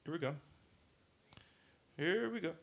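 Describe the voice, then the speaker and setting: A man hosting his own podcast, chatting casually and rambling with hesitations and quick impressions of other comedians. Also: a little high, expressive, vocal fry, a bit bright.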